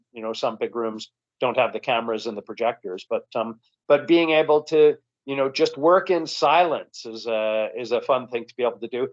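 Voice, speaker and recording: A man with a Canadian accent, a comedian chatting as a guest in an interview, rambling and relaxed with frequent restarts. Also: medium pitch. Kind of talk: casual interview chat. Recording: dull lo-fi recording.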